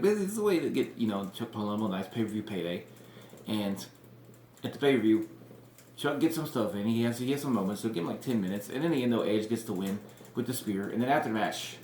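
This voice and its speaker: Man, low voice, casual rambling monologue, lots of "like" and "you know", blunt, echoey room. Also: fast, darkish tone, slight background noise. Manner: rambling, full of "like" and "you know", acts out quotes; blunt, swears freely. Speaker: wrestling fantasy-booking vlogger. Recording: roomy echo.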